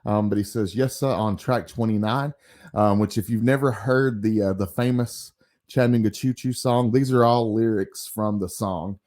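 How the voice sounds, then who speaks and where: Casual comic reviewer, male, low voice, loose and digressive. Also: fairly even intonation, normal speed, darkish tone. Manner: rambling, frequent ums and asides. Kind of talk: casual commentary while reading a comic.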